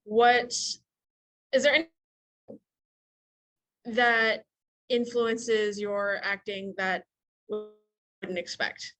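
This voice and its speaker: Woman, panel interviewer, hesitant halting delivery, mid-range pitch. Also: little pitch movement, a bit bright, poor audio. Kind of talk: asking a question.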